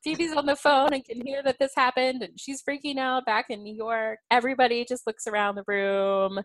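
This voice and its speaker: A woman's voice: on the high side, normal speed, dry recording, low-quality recording. A woman hosting a podcast, retelling a sitcom episode in a casual chat and acting out the characters' lines. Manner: animated retelling, quotes characters with shifting voices. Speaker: podcast host.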